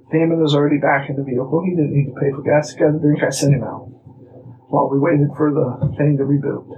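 A man from Illinois, a guest telling a personal story casually, animated and acting out bits of dialogue. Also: fairly high pitch, slight background noise, poor audio. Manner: animated, acts out dialogue, restarts phrases.

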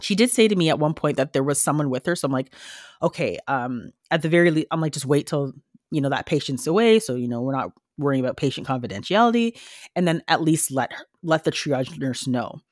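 Animated woman telling a story. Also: low voice, brisk, dry recording, clean studio sound. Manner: animated storytelling, acting out quoted dialogue. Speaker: nurse and podcast guest. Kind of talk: casual podcast conversation.

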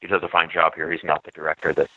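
A man's voice: extremely low pitch, level tone, rapid-fire, pushed and bright, slightly rough, no room sound. A man co-hosting a casual film podcast, talking in a chatty, digressive way with many fillers. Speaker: podcast co-host. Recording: dry, phone-like narrow sound.

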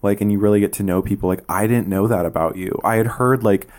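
A man's voice: on the low side, fast talker, darkish tone. A man hosting a podcast, chatting in a casual, enthusiastic and playful way. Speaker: podcast host. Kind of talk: casual chat.

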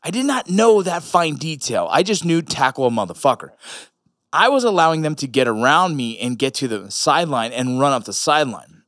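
Blunt, profane military dad. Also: male voice, a little high, big pitch swings, a little fast, fairly bright tone, no echo, studio quality. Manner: blunt, profane, rambling with asides. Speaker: veteran and father. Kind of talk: casual monologue.

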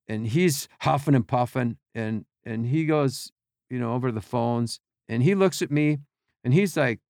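Gravelly-voiced middle-aged storyteller man. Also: medium pitch, dry recording, studio quality. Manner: animated, acts out quotes and sounds. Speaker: podcast guest, team equipment worker. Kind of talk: casual storytelling.

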